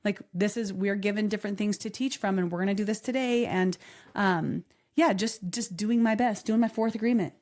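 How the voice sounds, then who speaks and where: A woman's voice: mid-range voice, a little fast, darkish tone. A woman co-hosting a podcast, chatting candidly and telling stories with laughter and animation. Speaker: podcast co-host. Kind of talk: casual podcast chat.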